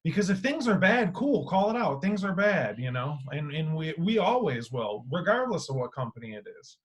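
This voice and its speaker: A man hosting a casual podcast, talking in an animated way with free swearing, his voice swinging between loud and quiet. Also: on the high side, moderate pace. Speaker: podcast host.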